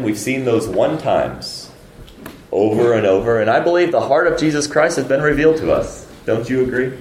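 A man preaching a sermon, moving between loud emphatic peaks and hushed low lines and asking the congregation rhetorical questions. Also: very echoey, a little hiss or hum, poor audio.

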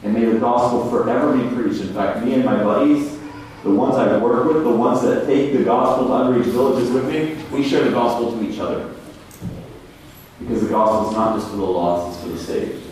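A man preaching a sermon in a church hall, emphatic, dropping to a hush and then rising loud again. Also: mid-range voice, fairly quick, slight background noise. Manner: emphatic, swings between hushed and loud. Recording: echoey hall, mic far off.

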